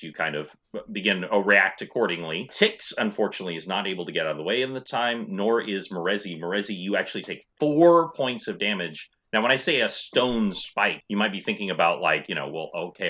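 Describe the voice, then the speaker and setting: Deep-voiced, bright game master man. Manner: descriptive, relaxed with frequent fillers. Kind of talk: narrating a tabletop game.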